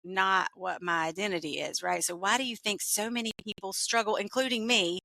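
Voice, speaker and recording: A woman's voice: mid-range voice, fairly even intonation, brisk, creaky, bright, forceful tone, no echo. A woman hosting a podcast, chatting casually and encouraging her guest with frequent affirmations. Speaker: podcast host. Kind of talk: casual interview chat. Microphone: video call.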